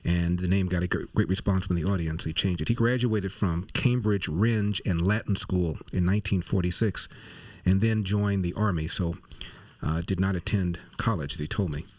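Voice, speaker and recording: A man's voice: low voice, moderate pace, a little mellow, no echo. A middle-aged male talk show host telling anecdotes in a reflective monologue.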